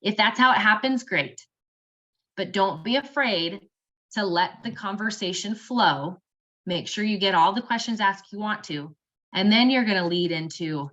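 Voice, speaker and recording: A woman's voice: mid-range voice, lively intonation, measured pace, fairly bright tone, lo-fi sound. A young woman giving casual, encouraging coaching tips and acting out sample messages in an upbeat voice. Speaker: network marketing team member.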